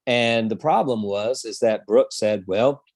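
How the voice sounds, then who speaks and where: A man's voice: fairly low pitch, unhurried, a little mellow, no room sound. A man co-hosting a history podcast, telling the story in a casual, rambling way with many fillers. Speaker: podcast co-host.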